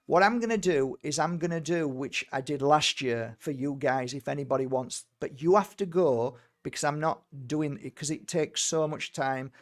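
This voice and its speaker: Man, high voice, spiritual healer, casual storytelling, emphatic, repeats words. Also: normal speed, few pauses. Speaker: spiritual healer and medium, guest.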